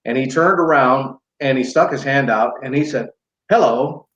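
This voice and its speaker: A middle-aged man talks in a modest, halting way, restarting his sentences often. His voice comes through a roomy, dull remote line. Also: mid-range voice, noisy background. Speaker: guest play-by-play broadcaster. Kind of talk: casual podcast chat.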